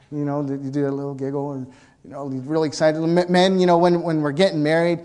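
Animated preacher man with a high voice. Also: moderate pace. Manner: animated storytelling, acts out characters in high excited voices. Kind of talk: sermon.

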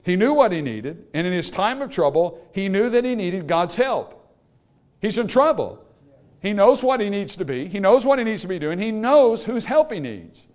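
A male pastor preaching a sermon, swinging from quiet explanation to loud emphatic calls to the congregation. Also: high voice, big pitch swings, moderate pace.

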